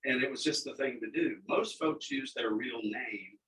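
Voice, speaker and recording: A man's voice: mid-range voice, animated, normal speed, a bit bright. A man, a longtime radio DJ telling stories in a casual, folksy chat. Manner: folksy storyteller. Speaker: radio DJ guest. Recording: distant mic with faint background noise.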